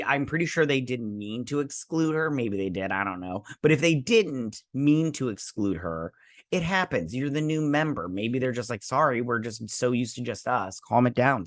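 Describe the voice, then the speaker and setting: A man's voice: mid-range voice, animated, normal speed, no room sound, studio quality. A man in his younger adult years chatting casually as a show host, recapping an episode in a rambling way that slips into quoted lines.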